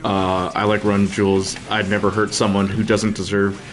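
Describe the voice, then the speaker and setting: A man's voice: fairly low pitch, completely flat delivery, normal speed. A man streaming a game, chatting casually with his audience and friends in a rambling way full of fillers and restarts. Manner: talks to chat and friends, laughs often. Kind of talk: casual livestream chat while gaming.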